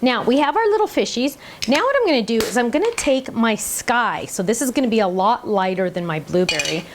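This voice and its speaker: A woman's voice: a little high, animated, fairly quick, background noise. A middle-aged woman chatting her way through an online cardmaking class, talking as she works with her hands. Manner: chatty, bubbly, talks while working with hands. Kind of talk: online crafting demonstration.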